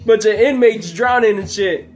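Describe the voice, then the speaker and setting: Мужчина непринуждённо рассказывает бессвязную историю, много ругается и часто смеётся; на фоне тихо звучит музыка. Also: male voice, high-pitched, normal speed, soft background music. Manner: profane, rambling, laughs often. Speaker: channel host. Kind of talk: casual storytelling.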